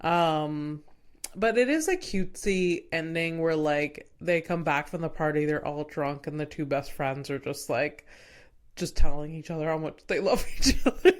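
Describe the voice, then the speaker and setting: A woman's voice: low voice, normal speed. A woman hosting a podcast in casual chat, retelling movie scenes with lots of laughter. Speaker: podcast host.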